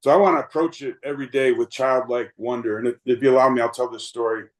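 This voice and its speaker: A man's voice: medium pitch, fairly even intonation, fast, low-quality recording. Earnest fifty-something man telling stories. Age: 50s. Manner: earnest, rambling, lots of fillers and restarts. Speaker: guest, baseball umpire. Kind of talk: reflective storytelling interview.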